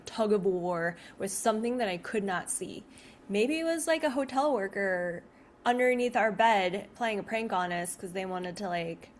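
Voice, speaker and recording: A woman's voice: medium pitch, a little hiss or hum. A woman telling her own story casually to the camera, rambling and restarting, filling her talk with "like.". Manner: rambling, heavy use of "like", frequent restarts. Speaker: video creator.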